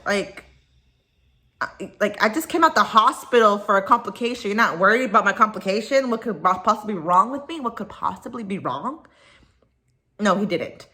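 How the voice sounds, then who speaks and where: Female vlogger, bright voice, anxious rambling rant to camera. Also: medium pitch, expressive, brisk. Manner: upset, rambling, swears freely. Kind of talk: casual personal vlog, venting. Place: at home, dog nearby.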